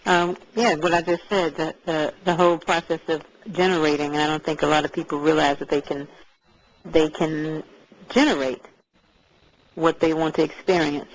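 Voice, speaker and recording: A woman chatting casually as co-host, talking in a measured, thoughtful way with some hesitant fillers. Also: sits low, steady tone, muffled recording. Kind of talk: casual conversational chat.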